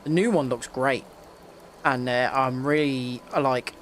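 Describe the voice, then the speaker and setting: A man's voice: medium pitch, a little slow, a little hiss or hum. Chatty man streaming games. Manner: rambling, chatty, with filler words. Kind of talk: casual live gameplay chat.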